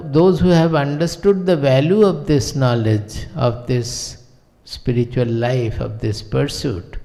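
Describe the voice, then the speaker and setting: A man with an Indian accent, a spiritual teacher giving a discourse in measured, deliberate short phrases. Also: on the high side, dark tone. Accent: Indian English. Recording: long hall reverb.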